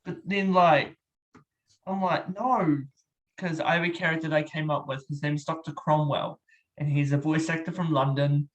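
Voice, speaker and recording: A man's voice: a little high, steady tone, normal speed, highs cut off. A man from New Zealand hosting a casual interview, upbeat and playful as he prompts games. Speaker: podcast host.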